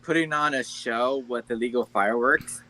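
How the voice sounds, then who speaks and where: Brief: male chat guest, bright tone, earnest, repeats himself. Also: medium pitch, normal speed, rough recording. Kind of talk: casual live-stream chat.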